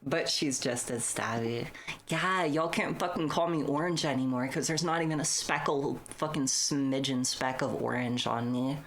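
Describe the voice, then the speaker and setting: A woman's voice: a bass voice, normal speed, slight background noise. A woman streamer chatting casually on a live stream, blunt, profane and teasing.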